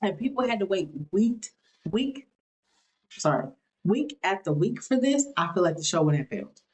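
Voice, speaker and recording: A woman's voice: medium pitch, normal speed, low-quality recording. A young woman casually reviewing a TV show, chatty and slangy, often mimicking what characters said. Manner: animated, chatty, slangy, quotes people in mock voices.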